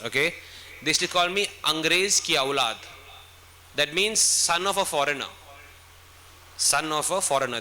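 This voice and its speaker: At a school event Q&A, a guest speaker from India answers students' questions and coaches them in a bright, fairly high voice, with a little hiss or hum on the recording. He's instructive and keeps checking in with "okay?"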